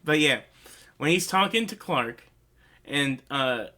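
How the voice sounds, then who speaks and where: Excitable high-voiced man rambling about movies. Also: slow. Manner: rambling, heavy use of "like", earnest and emotional. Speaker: host. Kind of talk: casual movie review vlog.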